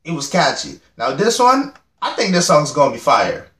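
A young man with a fairly high voice and a lively, swooping delivery reacts to a music video. He rambles, pokes fun at himself and keeps urging viewers to comment. His voice rings in an echoey room. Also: moderate pace. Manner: animated, rambling, self-mocking with frequent laughs. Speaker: reaction vlogger. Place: home room.

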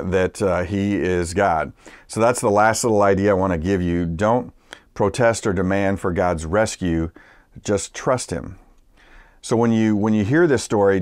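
Man, pastor, sermon, very low voice, dry close sound, conversational with fillers. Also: a little mellow, clear, resonant tone, no echo. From Massachusetts, United States. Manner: conversational, with frequent fillers and restarts.

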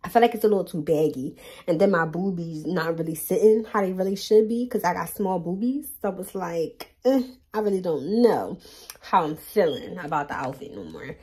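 A young woman vlogging in casual, slangy chat, talking into her phone, nervous and excited. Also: lowish voice, moderate pace, breathy edge. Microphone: phone held by hand. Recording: music playing behind.

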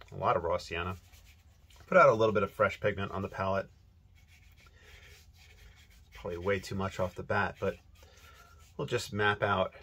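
Man, fairly low voice, easygoing art teacher thinking aloud as he paints. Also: fairly bright tone. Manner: casual, rambling, thinking aloud while painting. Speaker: watercolor painting instructor. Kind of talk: relaxed painting tutorial.

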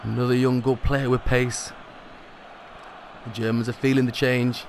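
Gravelly man commentating a football game. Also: mid-range voice, normal speed, a little hiss or hum. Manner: excitable, rises sharply at goals. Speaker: gaming commentator.

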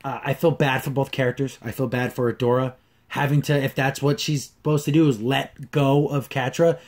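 A man hosting a casual solo review, rambling with frequent restarts and fillers, and acting out characters' lines in lively voices. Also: medium pitch, normal speed. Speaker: host reviewing a cartoon episode.

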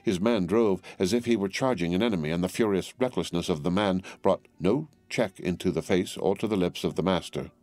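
Deep-voiced male audiobook narrator. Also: a little mellow, dry recording, faint music behind. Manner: measured, formal storytelling. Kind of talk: scripted narration of a classic novel.

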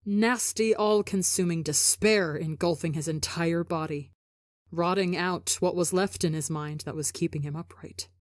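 A woman reading a story for a podcast, narrating in a measured, emotive way. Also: lowish voice, no room sound, clean studio sound. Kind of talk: dramatic audiobook narration.

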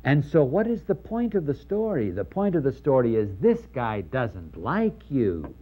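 Speaking a little slowly in a mid-range voice, a man gives a lecture on the New Testament parables, and the sound is lo-fi. His delivery is emphatic and animated, full of rhetorical questions and acted-out quoted speech.

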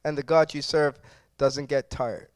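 A man with a high voice preaches a sermon, calling out questions to his congregation. His delivery moves from soft musing to loud proclamation. The sound is close and dry, with no room echo. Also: fairly even intonation, measured pace. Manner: preaching with call-and-response, swings from quiet to loud. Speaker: pastor.

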